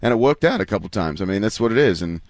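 Brief: Australian man, 30s, rapid easygoing talk, slightly low voice. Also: lively intonation, darkish tone, dry recording. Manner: easygoing, chatty, many fillers and restarts. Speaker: guest, pro baseball pitcher. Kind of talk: casual radio interview. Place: live broadcast at a spring training ballpark.

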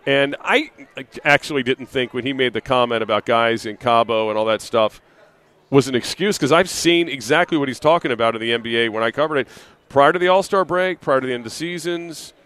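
A man hosting live sports talk radio, broadcasting from an arena. His pitch sits in the ordinary middle range for a man. He chats loosely, circling back on himself with "uh" and "you know.". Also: fairly quick, a bit bright, no room sound. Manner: conversational, rambling with fillers and restarts.

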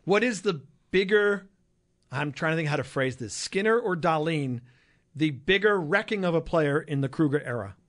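A man's voice: a little high, lively intonation, moderate pace, fairly bright tone. Man hosting a sports talk show. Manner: reads sponsor lines and stats, sarcastic asides. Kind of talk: casual sports radio chat.

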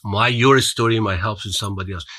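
Accented male guest, earnest motivational storyteller, low and forceful. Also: fairly quick, dry recording. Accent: foreign accent. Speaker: podcast guest. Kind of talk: storytelling in an interview.

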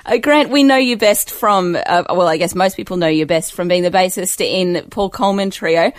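A woman's voice: fairly low pitch, moderate pace, dry recording, studio quality. A woman hosting an interview, asking curious questions in a conversational way. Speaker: host. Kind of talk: interview host.

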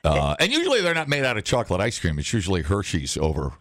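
A man co-hosting a casual radio show, animated and quick to burst into loud rants and laughs. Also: low-pitched, no room sound, studio quality. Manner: animated, swings into loud outbursts, laughs often. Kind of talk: casual morning show banter.

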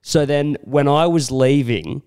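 Male comedian co-host, medium pitch, self-mocking storyteller, dry booth sound. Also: measured pace, darkish tone, smooth, no echo. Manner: storytelling, laughing at himself. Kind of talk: casual podcast chat.

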